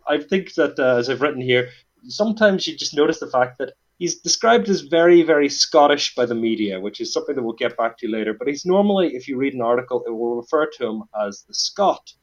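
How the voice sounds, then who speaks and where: Dry-joking Northern Irish man, dull lo-fi sound. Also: mid-range voice. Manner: dry, joking, many fillers. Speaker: podcast host. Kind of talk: casual comedic podcast chat.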